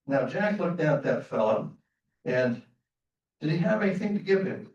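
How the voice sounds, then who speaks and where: A man telling a folktale live on a theater stage, lively and questioning the audience. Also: medium pitch, normal speed, dull audio. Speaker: storyteller. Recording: roomy theater sound from far off.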